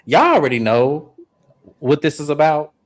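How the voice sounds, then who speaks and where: A low-voiced woman hosts a relaxed live-stream chat with friends. Her talk is chatty and unhurried, and she steers the conversation by calling on each person in turn. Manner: laid-back, chatty, says "um" often. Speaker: host. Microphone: remote call setup.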